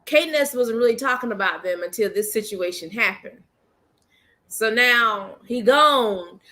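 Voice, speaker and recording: A woman's voice: fairly high pitch, lively intonation, normal speed, sharp tone. A woman hosting her own commentary channel, ranting bluntly and emphatically in casual slang and repeating her points.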